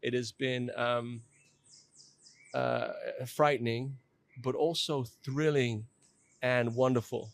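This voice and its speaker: A man's voice: medium pitch, steady tone, slow, creaky, pauses often, no room sound. A middle-aged man telling his own story in a podcast interview, candid and self-deprecating, often restarting his sentences.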